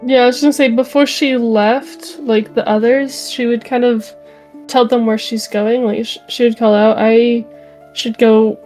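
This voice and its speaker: A woman's voice: a little high, fairly even intonation, moderate pace, a little mellow, faint music behind. A woman player describing her character's actions in a tabletop game, hesitant, with many fillers.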